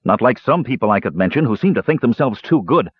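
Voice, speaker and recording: A man's voice: mid-range voice, animated, fast, breathy edge, no echo, muffled recording. A man doing a jovial easygoing young warrior. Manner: easy, good-humoured.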